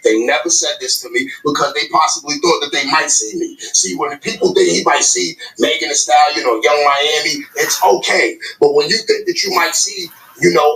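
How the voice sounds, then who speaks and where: A man argues his point in a heated podcast debate, emphatic and profane, circling back to repeat himself. His voice sits a little high with a gravelly edge. The recording is echoey, as if from an open room. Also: bright, forceful tone. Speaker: podcast co-host.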